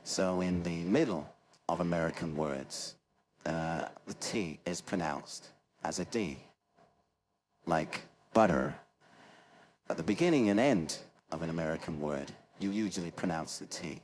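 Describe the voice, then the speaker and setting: A British man with an accent close to Cockney, teaching pronunciation with slow spoken examples. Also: sits low, darkish tone, slight background noise. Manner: slow explanations with spoken demonstrations. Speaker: accent coach. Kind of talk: accent lesson.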